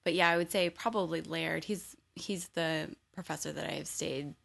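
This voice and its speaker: A woman with a low voice that has gravelly fry and a husky edge. She talks casually and quietly, often just giving short replies. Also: steady tone, moderate pace. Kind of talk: casual conversation.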